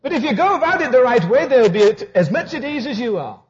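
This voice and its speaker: A man's voice: very high voice, big pitch swings, fast talker. A man preaching a humorous sermon who tells stories and acts out both sides of conversations. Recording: dull lo-fi recording.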